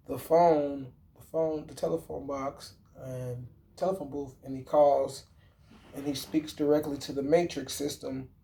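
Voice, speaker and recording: A man with a somewhat high but mellow, warm voice chats casually to his viewers. He rambles, restarts his sentences and throws in slang and swearing as he goes. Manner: rambling, slangy and profane, with frequent fillers and self-corrections. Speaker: vlogger. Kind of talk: casual movie talk.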